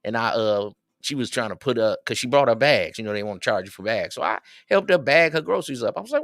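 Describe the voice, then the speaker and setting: A man's voice: mid-range voice, expressive, fast, few pauses, a bit bright, no echo, studio quality, faint music behind. A man hosting a livestream, rambling casually and chatting with his viewers in a streetwise manner. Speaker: livestream host.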